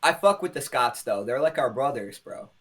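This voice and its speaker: A man's voice: medium pitch, animated, normal speed, a bit bright. A young man co-hosting a podcast, chatting casually in a rambling, opinionated way and swearing often. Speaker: podcast co-host. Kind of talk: casual chat.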